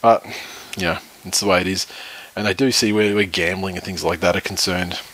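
A husky-voiced Australian man trades banter on a podcast, reading out listener messages. He swears freely, laughs often and restarts his sentences as he rambles along. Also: low voice, fairly even intonation, fairly quick, fairly bright tone, poor audio. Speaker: podcast co-host.

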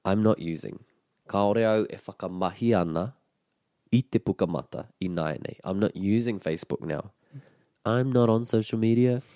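A man's voice: on the low side, normal speed, mellow, no echo, clean studio sound. A man teaching a language lesson, patiently explaining phrases and modelling pronunciation. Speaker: te reo Māori teacher.

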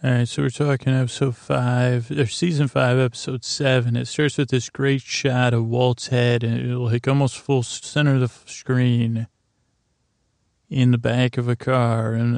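A man's voice: mid-range voice, little pitch movement, normal speed, a little mellow, no echo. A man hosting a sleep podcast, recapping a story in a meandering way full of restarts. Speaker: podcast host. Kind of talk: rambling bedtime recap.

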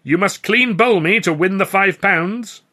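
A man's voice: sits high, a little slow, bright, forceful tone, pitched above the performer's own voice, exaggerated voice. A man voicing a flamboyant old male circus clown with a theatrical, insistent manner. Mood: showy.

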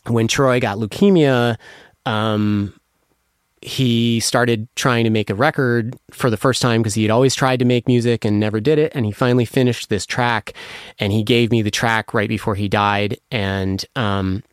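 A man speaks casually in an interview, gushing about music he loves and circling back with many fillers and restarts. His voice is smooth and clear, recorded close in a dry space. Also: medium pitch, fairly even intonation, moderate pace, no echo. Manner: emotional, apologetic when moved. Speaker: music producer guest.

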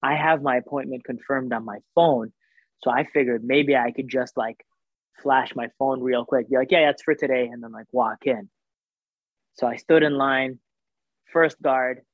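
A man telling a story in casual chat, animated, acting out the voices of the people in it, with lots of fillers. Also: mid-range voice, normal speed, no room sound. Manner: animated, acts out quoted voices, filler-heavy. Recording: tinny phone-like sound.

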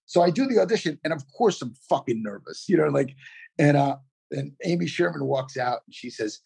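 A middle-aged man, an actor guest, telling a story in a casual, animated way, full of "you know" fillers. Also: fairly high pitch, brisk, gravelly, husky.

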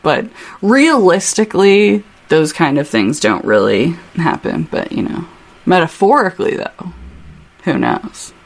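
Playful woman co-host, casual book chat, lively swooping pitch. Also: unhurried, vocal fry. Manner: animated, playful, giggly. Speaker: podcast co-host.

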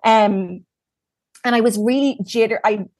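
A woman's voice: fairly high pitch, measured pace, darkish tone, no room sound. A woman from Ireland, speaking as a guest and frankly telling her own story in casual conversation, with plenty of ums and likes.

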